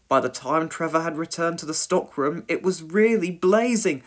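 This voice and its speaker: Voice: mid-range voice, normal speed. A reader narrating a children's storybook aloud and voicing every character. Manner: expressive, reads every character in a different voice.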